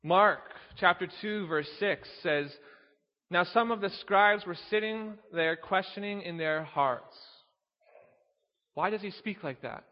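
A man's voice: high voice, measured pace, big-room sound, dull audio. A man preaching a sermon, teaching earnestly, reading scripture aloud and posing rhetorical questions.

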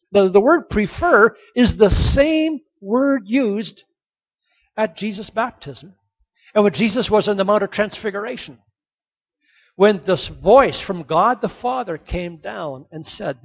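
A man preaching a sermon, asking rhetorical questions and swinging between loud emphasis and hushed, soft passages. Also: high voice, lively intonation, a little slow, slightly rough, muffled recording. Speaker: pastor.

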